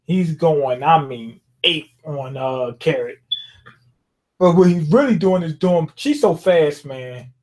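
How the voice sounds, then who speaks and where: A man with a fairly high voice recaps a manga chapter in an easygoing, rambling way. His talk is loose and full of slang, and he keeps drifting into bits of the characters' dialogue. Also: animated, slow pace, a little mellow. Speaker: manga reviewer.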